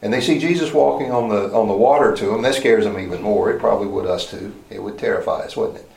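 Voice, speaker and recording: A man's voice: on the low side, fast, creaky, darkish tone. A man preaching a Bible lesson in a conversational way, asking rhetorical questions and often restarting his sentences. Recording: roomy echoey hall.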